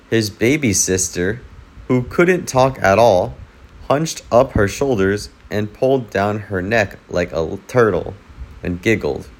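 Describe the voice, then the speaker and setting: Man reading a kids' book aloud, low voice, very unhurried. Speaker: narrator.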